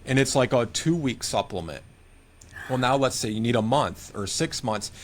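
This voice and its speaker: A man's voice: medium pitch, lively intonation, moderate pace. A man from Michigan, a guest on a care podcast, telling stories and giving earnest advice in a conversational interview. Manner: earnest, storytelling with quoted advice. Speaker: podcast guest, home care case manager.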